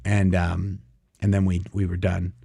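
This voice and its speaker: A man's voice: low-pitched, completely flat delivery, a little slow, vocal fry, mellow, slightly rough, no echo, studio quality. A man telling a long personal story in a casual, rambling way, full of fillers, acting out what others said. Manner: rambling, many fillers, acts out quoted lines. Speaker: guest storyteller.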